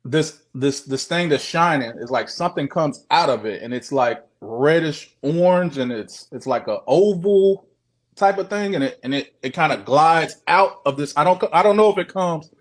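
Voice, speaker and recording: This man's voice sits on the high side and moves at a normal clip as he recounts his own sighting on a video call. Casual and foul-mouthed, he repeats himself a lot and livens things up by imitating what others told him.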